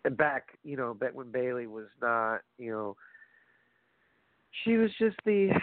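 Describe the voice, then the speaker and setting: A man ranting casually about wrestling, profane and animated, addressing his audience directly. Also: mid-range voice, a little slow, no echo. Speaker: wrestling commentary host. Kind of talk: casual opinionated wrestling talk. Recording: phone-like lo-fi audio, dry.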